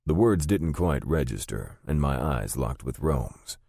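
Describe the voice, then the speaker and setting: A man with a very deep, dark voice narrates a first-person romance audiobook. The read is steady and deliberate, recorded close in a dry studio. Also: creaky, no echo.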